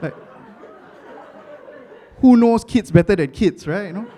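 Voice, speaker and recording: A young man from Singapore with a Singaporean accent, doing stand-up comedy with animated storytelling and Singlish phrasing. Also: sits high, measured pace, some chatter behind.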